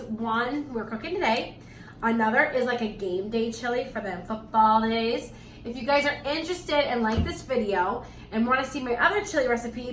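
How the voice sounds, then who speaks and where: A young woman talks straight to her viewers in a casual cooking vlog from her home kitchen. Her voice is bright and a touch high, and she stays upbeat and chatty. A faint hum of the house sits behind her. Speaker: lifestyle vlogger.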